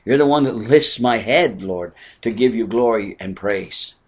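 An older man preaching an earnest sermon, moving from soft asides to raised exclamations. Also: fairly low pitch, measured pace, breathy edge. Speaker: pastor.

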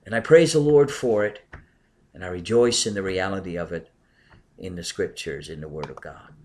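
A middle-aged man preaches in an earnest, emphatic way. His fairly low voice swells on key points and sinks to near murmurs on asides. He takes replies from his listeners along the way. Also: moderate pace, darkish tone, a little hiss or hum. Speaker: pastor. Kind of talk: sermon with congregation replies.

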